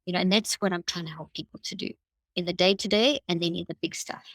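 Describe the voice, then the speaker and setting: A woman guest in a podcast interview explains her ideas at length, voicing the thoughts of an imagined person as she goes. Her voice sits somewhat low, recorded close and dry. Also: quick pace, no echo, low-quality recording. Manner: animated, explains at length with quoted inner speech. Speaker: cognitive neuroscientist guest.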